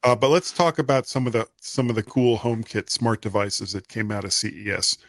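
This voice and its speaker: A man's voice: fairly low pitch, fairly quick, no echo. A man from the US co-hosting a casual tech podcast, laid-back, with dry joking asides. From United States. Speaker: podcast co-host.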